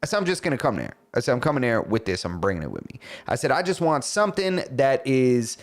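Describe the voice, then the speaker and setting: A man's voice: mid-range voice, fast talker. A man co-hosting a podcast, telling a story in casual chat, swearing and acting out the other people's lines. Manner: animated, swearing, acts out dialogue. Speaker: podcast co-host.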